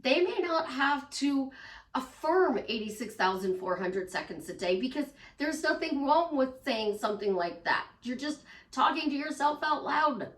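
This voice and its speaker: A woman's voice: high voice, lively intonation, normal speed. A woman life coach talking casually to her followers, emphatic and repetitive, sometimes acting out the voices in people's heads. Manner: emphatic, repeats phrases, acts out inner voices. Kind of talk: casual monologue to camera. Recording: roomy echo, voice from a distance.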